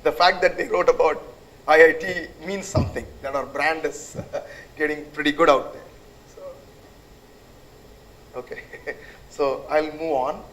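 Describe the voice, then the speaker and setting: A man's voice: fairly high pitch, steady tone, unhurried, long pauses, a bit bright, rough recording. A middle-aged man giving a loose, conversational lecture to students, telling stories with many fillers. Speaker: guest lecturer, entrepreneur. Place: lecture hall.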